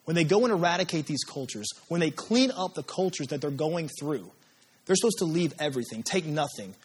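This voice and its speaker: A man delivers a sermon with a husky, breathy voice pitched a touch high. His delivery is animated and wide-ranging, swinging up and down as he dramatizes prayers and scripture. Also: brisk. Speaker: pastor.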